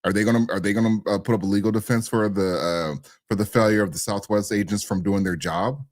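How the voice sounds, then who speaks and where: A man's voice: lowish voice, steady tone, quick pace, no room sound, clean studio sound. A man co-hosting a podcast, talking bluntly and animatedly with loose slang. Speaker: podcast co-host. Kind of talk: casual podcast chat.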